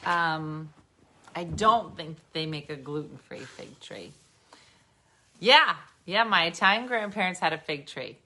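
A woman's voice: low voice, expressive, unhurried, pauses often, sharp tone. A woman with a New Jersey accent hosting a casual podcast chat, a little tipsy and cooing at her dogs. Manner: chatty, talks sing-song to her dogs. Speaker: podcast host.

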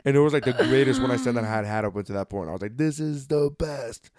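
A man's voice: lowish voice, very fast, a little mellow, no room sound. A young man co-hosting a casual podcast, telling rambling, profane stories into a studio mic. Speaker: podcast co-host. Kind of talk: casual chat. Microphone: studio microphone.

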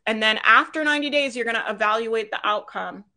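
A woman's voice: fairly high pitch, brisk, pushed and bright. A woman business coach giving a live training, upbeat and chatty, laughing often and checking in with "right?".

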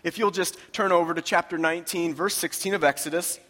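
A man's voice: fairly high pitch, fairly even intonation, brisk, a bit bright, long reverb tail. A man preaching a sermon, talking in a conversational, emphatic way and repeating his phrases for weight. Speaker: pastor.

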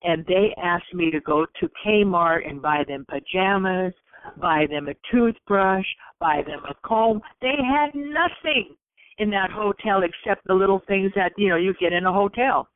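A woman's voice: mid-range voice, a little slow, no room sound. A woman telling a personal story in conversation, earnestly acting out what she and others said. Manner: earnest, acts out her own quotes. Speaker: guest. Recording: tinny phone line.

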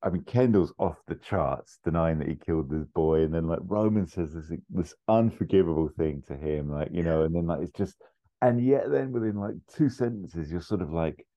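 Very deep-voiced rambling podcast host. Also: male voice, normal speed, dull audio. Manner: rambling, animated retelling with quoted voices. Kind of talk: casual chat.

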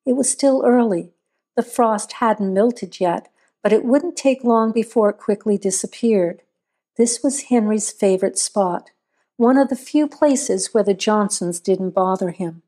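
A woman reading a scripted horror story aloud in a measured, steady storytelling voice. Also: mid-range voice. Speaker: narrator.

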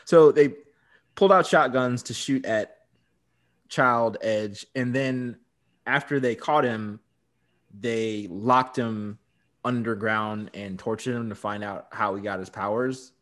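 A man's voice: mid-range voice, slow pace, a bit bright. Casual male podcast co-host recapping. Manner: recaps the plot, laughs often. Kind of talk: casual chat, episode recap.

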